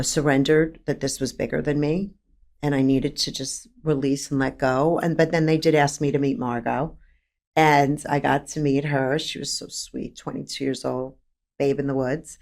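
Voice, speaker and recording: A frank, animated woman in her fifties with a New York accent talks openly as an interview guest. Her voice sits very low for a woman. She laughs easily and piles up emphatic lists as she goes. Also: gravelly. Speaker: podcast guest, therapist. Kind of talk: candid conversational interview.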